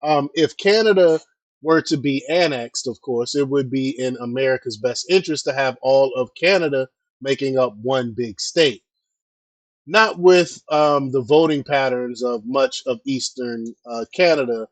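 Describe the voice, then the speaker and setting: A man's voice: medium pitch, unhurried, no room sound. Hesitant man hosting political commentary. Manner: hesitant, many fillers and restarts, chatty asides to viewers. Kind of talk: casual news commentary.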